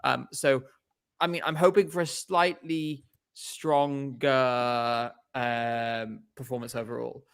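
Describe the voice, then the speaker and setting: A man's voice: medium pitch, fairly even intonation, slow, gravelly, fairly bright tone, clean tone. A man co-hosting a casual podcast chat over a video call, rambling and hesitant with many fillers. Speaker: co-host.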